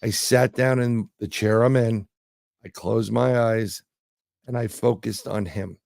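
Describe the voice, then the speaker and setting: A man's voice: fairly low pitch, fairly even intonation, measured pace, creaky, a little mellow, dry recording, clean studio sound. A man, a guest telling rambling anecdotes in casual conversation, full of fillers and restarts. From New York City. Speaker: guest, remote viewer. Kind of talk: casual interview storytelling.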